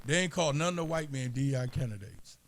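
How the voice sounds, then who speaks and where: A man's voice: mid-range voice, fast. A man co-hosting a political talk show, making emphatic points and repeating key lines for listeners. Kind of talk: casual political commentary.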